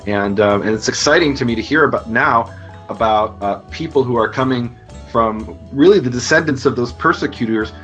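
A man's voice: mid-range voice, normal speed, fairly bright tone, faint music behind. A man talking as a guest in a casual podcast chat, explaining things earnestly. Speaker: guest teacher.

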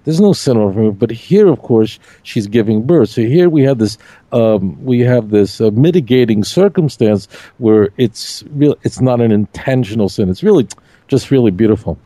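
A man's voice: mid-range voice, expressive, normal speed, dark tone, no echo. A man, a rabbi, explaining scripture in a casual discussion, earnest and admiring, with joking asides. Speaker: rabbi, guest teacher.

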